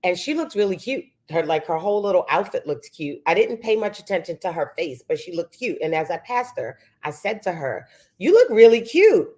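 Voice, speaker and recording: Low-voiced woman telling a story. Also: fairly quick, hardly any pauses. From the Bronx, New York. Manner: animated storyteller, quotes others in a raised voice. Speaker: co-host. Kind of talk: casual chat, telling a story.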